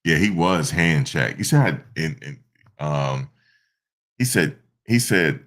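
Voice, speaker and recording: A man giving casual, slangy reaction commentary, animated and repeating himself, often breaking into laughter. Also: extremely low pitch, takes it slowly. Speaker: online commentator.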